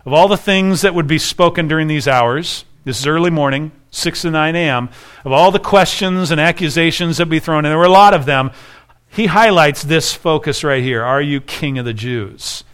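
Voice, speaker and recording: A man preaching an expository sermon, emphatic, repeating key phrases and slowing down for quoted scripture. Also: a little high, fairly bright tone.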